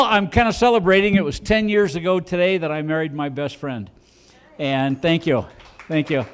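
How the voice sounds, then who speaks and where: A man doing a stand-up comedy set on a club stage, rambling and self-deprecating, with frequent restarts. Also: fairly high pitch.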